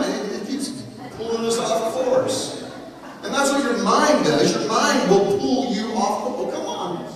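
A man preaching a sermon as pastor, animated and rhythmic, with repetition and playful asides. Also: high voice. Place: church sanctuary. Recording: echoey hall, voice from far off.

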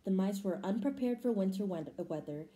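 A woman's voice: mid-range voice, lively intonation, fairly quick, mellow. Woman reading a storybook aloud. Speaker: storybook reader. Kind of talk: reading a picture book aloud. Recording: roomy echo.

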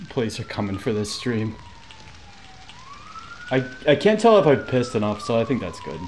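A young man streaming a game live, reacting excitably, swearing and laughing at what happens on screen. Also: medium pitch, normal speed, slight background noise. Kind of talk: live gameplay commentary.

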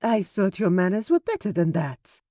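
A woman's voice: mid-range voice, sing-song, normal speed, warm tone, no echo, studio quality, voice pushed up. Woman narrator voicing a noblewoman, lilting, teasing, poised, storybook.

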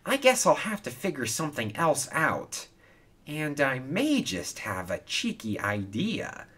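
A man's voice: a little high, wildly swooping pitch, unhurried, a bit bright, breathy edge, pitched above the performer's own voice, exaggerated voice. A man voicing a cheeky, scheming male steam engine in a storybook reading, chirpy and sly.

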